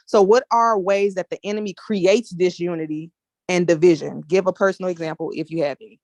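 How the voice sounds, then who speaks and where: A woman's voice: fairly low pitch, steady tone, fairly quick, darkish tone, dry recording. A woman leading a small group discussion, telling a casual story in a chatty way and addressing listeners as y'all. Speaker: discussion leader.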